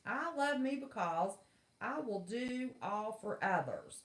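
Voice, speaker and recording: A woman's voice: fairly high pitch, expressive, slow pace. A middle-aged woman, hosting a casual livestream chat in a blunt, folksy, exasperated way. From West Virginia. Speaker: livestream host. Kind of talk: casual live chat rant. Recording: echoey room.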